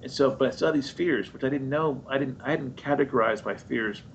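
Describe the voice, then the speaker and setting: Speaking a little fast, a preacher tells a story from his own life in sermon form, animatedly acting out his own voice and those of others with high, squeaky jumps. There's slight background noise and the audio is poor.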